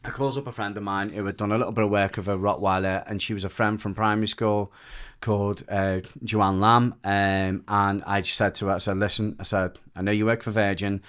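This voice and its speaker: British male guest, low voice, casual rambling storyteller, emotional retelling. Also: little pitch movement, brisk, fairly bright tone, clear, resonant tone. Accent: British English. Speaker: podcast guest.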